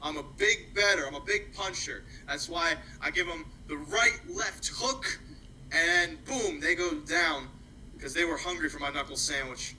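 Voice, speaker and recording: Bright, jokey man hosting a racing stream. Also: on the high side, unhurried, a little hiss or hum, rough recording. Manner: jokey, rambling, laughs at himself. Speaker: host and race caller. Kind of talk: casual chat and harness race calling.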